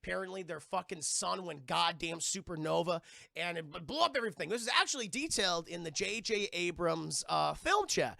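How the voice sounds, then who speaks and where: A man's voice: sits high, lively intonation, brisk, gravelly, bright, forceful tone, dry recording. A young man giving a rambling, profane spoiler recap of a TV episode to his live chat. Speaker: TV review streamer.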